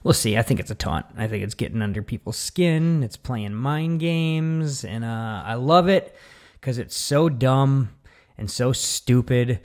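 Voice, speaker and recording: A man's voice: medium pitch, expressive, a little slow. A man co-hosting a casual comedy podcast, joking, swearing and slipping into goofy impressions. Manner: jokey, swears, jumps into goofy shouted impressions. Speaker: podcast co-host.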